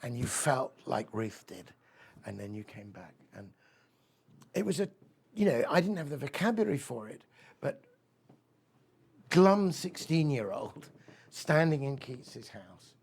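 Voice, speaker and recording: A man's voice: mid-range voice, big pitch swings, measured pace, vocal fry, long pauses, a little mellow, breathy edge. A man giving a talk, rambling and enthusiastic, telling a personal story and reading poetry aloud. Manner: rambling, enthusiastic, many fillers. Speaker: speaker at a weekend of talks.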